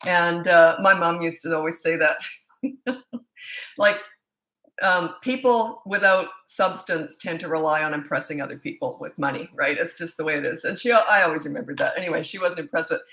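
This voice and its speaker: At a moderate pace, this parenting coach speaks with a fairly low pitch and a sharp tone. In her sixties, she chats casually on a live stream from home, reading viewer comments and rambling between them.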